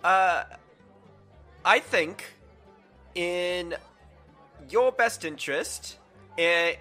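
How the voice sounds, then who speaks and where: A man's voice: high voice, bright, forceful tone. A man playing a tabletop game, overly polite and stumbling over his words. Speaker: player.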